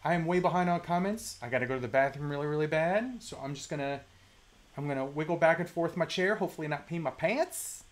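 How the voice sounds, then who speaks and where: A live-stream host talking casually about toy collecting at a home desk mic, chatty, mildly profane and quick to laugh. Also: medium pitch, expressive. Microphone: desk microphone.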